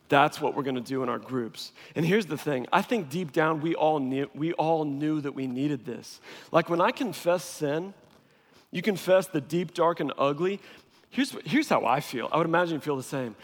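A man preaching a sermon as a pastor, in a casual, humorous and animated way. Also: a little high. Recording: long reverb of a large hall.

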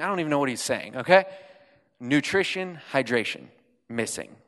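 A man's voice: medium pitch, sing-song, moderate pace, a bit bright. A young man giving a self-deprecating, chatty talk to an audience on a handheld mic, joking as he tells a story. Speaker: guest speaker. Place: large hall with audience. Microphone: handheld microphone. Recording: long hall reverb.

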